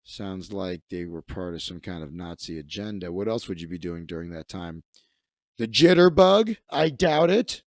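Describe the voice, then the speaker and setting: A man's voice: sits low, expressive, normal speed, few pauses, a little mellow, dry recording, studio quality. Profane, rambling comedian in his thirties. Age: 30s. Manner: profane, rambling, self-interrupting. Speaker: comedian and magician hosting a livestream. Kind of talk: casual comedic rant.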